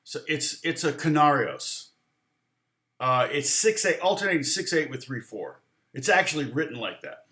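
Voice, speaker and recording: A man's voice: fairly high pitch, very animated, moderate pace, bright, forceful tone. A man teaching guitar on a live stream, answering viewer questions, thinking aloud with a rambling manner and counting and scatting rhythms. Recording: roomy echo.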